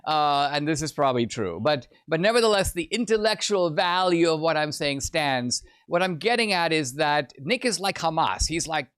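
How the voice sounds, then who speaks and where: A man giving a lecturing podcast monologue, pausing often on fillers. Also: on the high side, lively intonation, a bit bright, clear, resonant tone, no room sound, clean studio sound.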